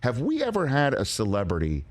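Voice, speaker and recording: A man's voice: mid-range voice, wildly swooping pitch, fairly quick. A male talk show host with a mid-range voice that rises and falls dramatically. His delivery is playful and teasing, like a quiz-show host. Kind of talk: sports talk show banter.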